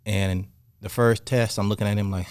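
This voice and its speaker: A man, a boxing fitness coach, telling stories on a podcast in an animated, passionate way. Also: lowish voice, normal speed, smooth, dry recording, clean studio sound. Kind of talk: casual podcast storytelling.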